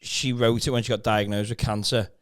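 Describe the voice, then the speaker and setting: A man's voice: on the low side, level tone, brisk. A man chatting on a podcast, teasing his friends and rambling through stories with many restarts. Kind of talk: casual banter.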